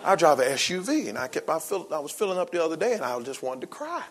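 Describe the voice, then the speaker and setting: This fast-talking pastor, a man in his forties, alternates in his sermon between quiet, low-voiced contemplation and elevated, excited delivery.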